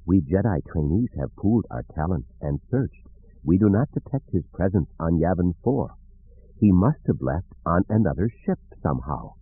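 A man voicing a grave, hesitant female Calamarian Jedi trainee in an audiobook, with a thin, husky voice and a slow, solemn manner. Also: low voice, very animated, heavily acted. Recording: narrow phone-like audiobook recording.

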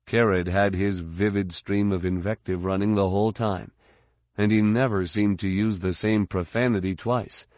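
A man reading an audiobook in measured, even scripted narration. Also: lowish voice, dry recording, studio quality.

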